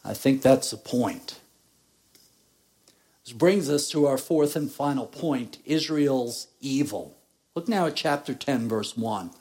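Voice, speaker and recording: A man preaching a sermon, reading scripture and explaining it slowly and deliberately, rising in force at times. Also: medium pitch, expressive, darkish tone. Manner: slow, deliberate preaching, rising in intensity at points. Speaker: pastor.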